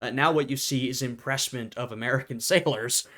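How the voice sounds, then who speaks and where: A man's voice: mid-range voice, a little fast, pushed and bright. A man hosting a history reaction video, talking casually and laughing often as he acts out short quotes.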